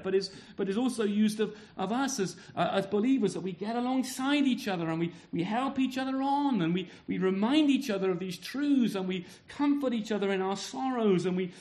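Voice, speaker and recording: A man's voice: high-pitched, a little mellow. A man preaching a sermon, asking the congregation rhetorical questions and often repeating his words.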